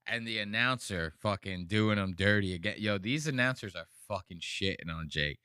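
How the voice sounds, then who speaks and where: A man's voice: normal speed, few pauses, clear, resonant tone, dry recording, studio quality. A man hosting a casual podcast, talking over fight clips, swearing a lot and mimicking people. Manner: animated, profane, mimics people in high voices. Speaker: podcast host.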